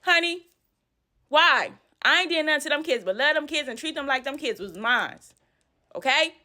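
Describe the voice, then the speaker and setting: A woman telling a personal story in a vlog, animated and emphatic, repeating lines for effect. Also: high-pitched, normal speed. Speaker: storytime vlogger.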